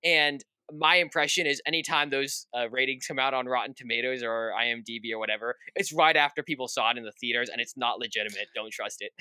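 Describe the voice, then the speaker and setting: Bright, clear-voiced young man reviewing films. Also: medium pitch, steady tone, quick pace, few pauses, no room sound. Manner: acts out quoted reactions, lots of "at the end of the day". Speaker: podcast co-host. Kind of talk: casual film review chat.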